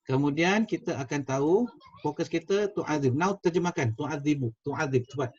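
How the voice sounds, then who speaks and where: Malaysian guy teaching on a video call, bit husky, slightly high voice, dull lo-fi sound, flips between malay and english. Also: quick pace, a little mellow. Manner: switches between Malay and English, repeats words, quizzes students. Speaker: Quranic Arabic teacher. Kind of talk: online class teaching.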